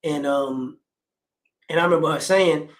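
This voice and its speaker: Rambling man with a higher voice. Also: measured pace. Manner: rambling, with frequent restarts and fillers. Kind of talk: casual conversational commentary.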